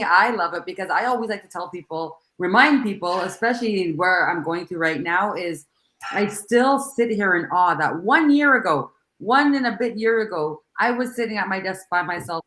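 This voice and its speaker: Slow-talking woman with a radio voice. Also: on the low side, a bit bright. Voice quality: smooth radio voice. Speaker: program director and co-host. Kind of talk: casual panel talk. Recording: roomy echo.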